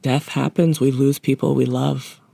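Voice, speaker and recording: A man's voice: medium pitch, flat delivery, unhurried, gravelly, dark tone, husky, no echo. A man hosting a podcast interview, asking questions and affirming his guest. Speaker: podcast host.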